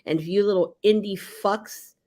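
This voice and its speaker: A woman's voice: medium pitch, steady tone, moderate pace, mellow. Emphatic woman who swears freely. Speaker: podcast co-host. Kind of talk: casual chat.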